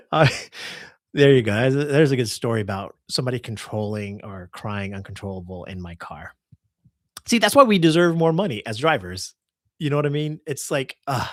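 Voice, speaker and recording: A man with a mid-range voice tells a rideshare story on his live stream in loose, casual talk. His pitch rises and falls constantly as he acts out passengers and laughs through the telling. The sound is dry and close, with no room around it. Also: no echo. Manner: animated, acts out dialogue, laughs while telling.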